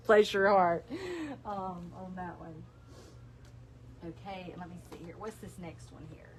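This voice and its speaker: A woman's voice: mid-range voice, fairly even intonation, a little slow, fairly bright tone, a little hiss or hum. Chatty Southern woman selling from her shop. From South Alabama. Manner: chatty, laughs often, folksy asides to viewers. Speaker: store owner presenting products. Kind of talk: casual live-stream sales chat.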